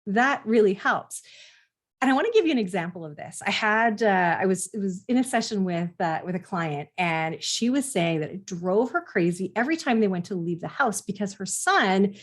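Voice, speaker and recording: A woman's voice: medium pitch, lively intonation, moderate pace. A middle-aged woman, a parenting coach, talking earnestly to parents in a conversational teaching style and sometimes acting out what parents and children say. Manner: earnest, explanatory, acts out quoted parents and kids.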